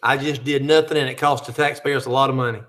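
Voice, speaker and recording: A man putting on a smug, deadpan politician impression while chatting on a live stream. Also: medium pitch, quick pace, natural voice. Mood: mocking. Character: mock male politician, smug and offhand.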